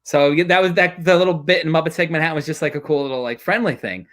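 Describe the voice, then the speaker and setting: A man hosting an interview in relaxed casual chat, with fillers and friendly agreement. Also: a little high, fast talker. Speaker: interview host.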